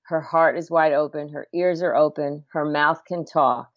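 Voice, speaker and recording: A woman's voice: deep voice, moderate pace, no echo. A middle-aged woman, a home birth midwife, talking earnestly as a podcast guest, often restarting her words and laughing. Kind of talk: podcast interview talk. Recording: dull lo-fi sound, dry.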